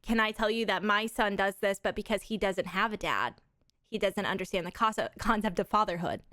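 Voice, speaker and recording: A young adult woman livestreaming, chatting casually with viewers in animated stories full of swearing and laughter. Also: medium pitch, fairly quick, no echo, clean studio sound.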